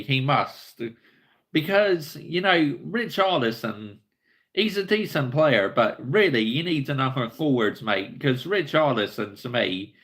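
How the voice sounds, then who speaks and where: A man's voice: mid-range voice, creaky, a bit bright. A young man hosting a football fan channel, ranting in blunt, heated commentary and swearing freely.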